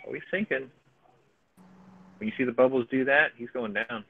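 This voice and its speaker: A man's voice: medium pitch, normal speed, gravelly, breathy edge, narrow, tinny audio. A man giving casual, profane live commentary on his own gameplay, thinking aloud as he plays. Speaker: gaming streamer.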